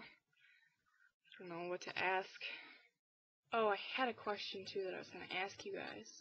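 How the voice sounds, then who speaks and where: A woman's voice: creaky, no room sound. Teenage girl, casual vlog chat, rambling, tired, dull lo-fi webcam audio, dry. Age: teens. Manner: rambling, filler-heavy, low-key. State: tired and under the weather. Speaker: vlogger.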